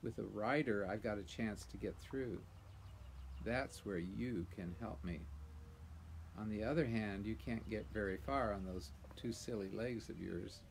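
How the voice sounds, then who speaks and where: A man doing a proud talking warhorse, lofty and gravelly. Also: lowish voice, measured pace, slight background noise. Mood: persuasive. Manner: lofty, scornful, then gently patient. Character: proud talking male warhorse, haughty but kindly.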